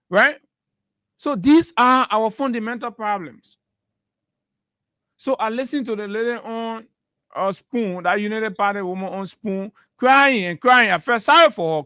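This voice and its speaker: A man's voice: very high-pitched, bright, forceful tone, no room sound, studio quality. Heated Liberian man giving political commentary. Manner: heated and emphatic, repeats phrases for force. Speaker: morning talk show commentator.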